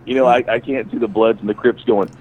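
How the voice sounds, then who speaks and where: A man co-hosting a podcast who tells stories in an animated way and laughs often. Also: mid-range voice, quick pace, slight background noise. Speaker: podcast co-host. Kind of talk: casual storytelling chat. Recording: tinny phone-like sound.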